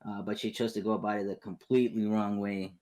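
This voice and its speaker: A man's voice: fairly low pitch, level tone, fast talker, a little mellow. A young man casually telling a long story to friends, rambling with restarts, slang, swearing and laughing asides. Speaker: podcast co-host.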